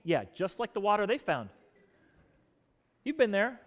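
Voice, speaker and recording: A man preaching a sermon in church, telling stories with lively acted-out quotes of grumbling people. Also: high voice, a little slow, long pauses, big-room sound. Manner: animated storytelling, acting out grumbling crowds in quoted voices. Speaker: pastor.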